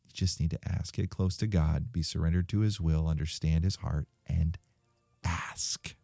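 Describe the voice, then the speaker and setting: A man preaching to young people, urging them with stories and sudden quiet drops, recorded close and dry. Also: extremely low pitch, steady tone, moderate pace, vocal fry, no room sound, faint music behind.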